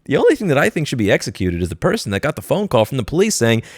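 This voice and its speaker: A man's voice: mid-range voice, wildly swooping pitch, rapid-fire, no room sound. A man hosting a commentary video, ranting angrily with profane, sarcastic outbursts, close to a studio mic. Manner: mocking, switching into put-on corporate voices. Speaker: commentary host. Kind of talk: angry commentary rant. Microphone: studio microphone.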